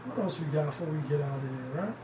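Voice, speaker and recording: A man's voice: fairly high pitch, fast. A man hosting a show, talking in a loose, profane, rambling way. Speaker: host. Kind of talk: casual commentary. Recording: roomy, distant, noisy.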